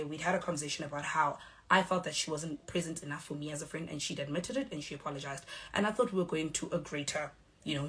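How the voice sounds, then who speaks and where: Firm young South African woman. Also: low-pitched. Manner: measured, firm, acts out quoted exchanges. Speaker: reality show cast member. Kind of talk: direct-to-camera statement.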